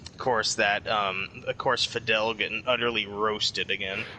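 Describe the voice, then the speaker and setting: A man co-hosting a casual gaming chat, hesitant and halting, with many fillers. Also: fairly low pitch, steady tone, bright, forceful tone, a little hiss or hum.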